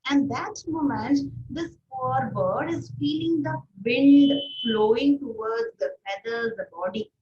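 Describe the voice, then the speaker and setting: Woman teacher, high voice, roomy distant sound, asks the class questions. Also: slow pace, hardly any pauses, darkish tone, a little hiss or hum. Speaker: English teacher. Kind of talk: explaining a story to young pupils. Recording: distant, roomy, muffled recording.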